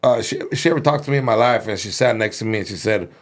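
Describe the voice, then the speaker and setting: A man from Los Angeles hosting a podcast, telling animated, profane stories in casual chat. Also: lowish voice, fast. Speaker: podcast host.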